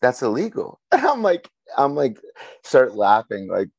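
A man's voice: medium pitch, wildly swooping pitch, unhurried, vocal fry, darkish tone, no room sound, dull audio. A young man co-hosting a casual podcast chat, telling a story and laughing often as he goes. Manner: laughs through a storytelling rant.

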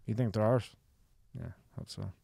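A man's voice: on the low side, fairly even intonation, normal speed, creaky, warm tone, husky, dry recording, clean studio sound. A man in casual chat, blunt and profane, who keeps asking questions and tells his own stories.

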